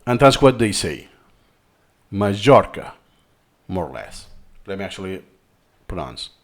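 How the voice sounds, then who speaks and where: A man's voice: low voice, very animated, normal speed, vocal fry. A man with a Spanish accent, a native Spanish speaker from Spain, explaining a learning tutorial and thinking aloud as he goes. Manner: thinking aloud, repeats himself. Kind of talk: screen-recorded tutorial talk.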